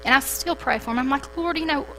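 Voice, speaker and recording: A young woman telling a personal story at a church service, animated and lively, acting out the dialogue. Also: high voice, fast, faint music behind, rough recording. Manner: storytelling, animated retelling with quoted dialogue and laughter. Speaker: church speaker. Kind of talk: testimony to a congregation.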